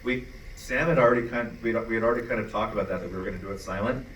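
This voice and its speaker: A man's voice: on the low side, a bit bright. Eager man, echoey hall, audible noise. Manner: enthusiastic, halting with repeated restarts. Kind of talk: panel Q&A answers. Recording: echoey hall, distant mic.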